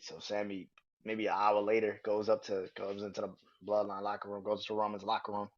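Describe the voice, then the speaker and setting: A man hosting a podcast, excitedly retelling wrestling scenes in a casual recap. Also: on the low side, fairly quick, lo-fi sound. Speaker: podcast host.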